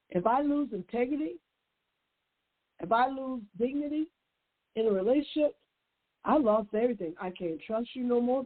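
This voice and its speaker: Woman, relationship advice host, emphatic, repeats her points, higher voice, tinny phone-line sound. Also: slightly rough. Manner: emphatic and preachy, repeats key phrases, talks straight to listeners. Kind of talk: direct-address advice talk.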